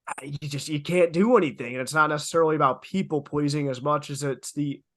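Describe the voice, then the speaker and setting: A man co-hosting a casual podcast, talking in an animated, emphatic way with playful exaggeration. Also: a little high, quick pace. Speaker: podcast co-host. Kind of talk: casual chat.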